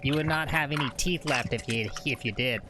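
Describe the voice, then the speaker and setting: A man's voice: medium pitch, fairly quick, noisy background, natural voice. A man doing an impression of an older male golf legend who grumbles about how things were done in his day. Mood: grumbling.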